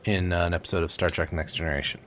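A man's voice: deep voice, little pitch movement, very fast, fairly bright tone. A man co-hosting a casual chat, talking enthusiastically in long rambling runs with plenty of swearing.

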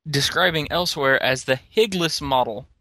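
A tipsy man talks loosely and swears freely while his hiccups keep breaking in. His voice is bright and forward. It sounds dry and close to the mic. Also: medium pitch, normal speed, dry recording. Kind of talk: casual chat.

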